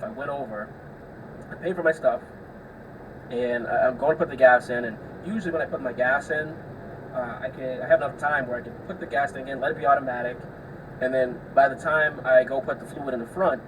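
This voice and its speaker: A young man hosting his podcast tells a rambling, profane story in casual solo chat, full of filler words and restarts. His voice sits at a middling pitch. It is picked up from a distant mic over a faint air-conditioner hum. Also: fairly even intonation, a little fast. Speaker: podcast host.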